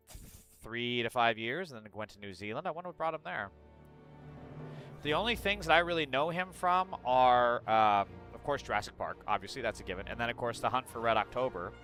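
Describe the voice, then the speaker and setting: A man's voice: medium pitch, pushed and bright, clean tone. A male streamer chatting casually and bluntly on a livestream, swearing freely and reacting aloud as he reads news.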